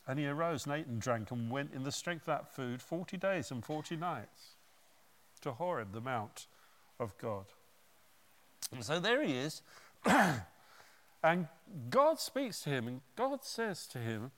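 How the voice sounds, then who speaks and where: A male preacher delivers a sermon, retelling the story in an animated way with conversational asides. His voice is clear and smooth, slightly high, and paced slowly. A long reverb from a large hall hangs on every phrase.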